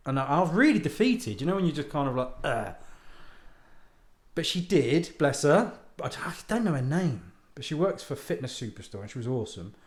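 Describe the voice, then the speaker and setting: Animated man ranting, echoey room. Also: a little high, fairly quick, hardly any pauses. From United Kingdom. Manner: animated, swears freely, self-mocking. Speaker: podcast host and author. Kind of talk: casual ranting monologue.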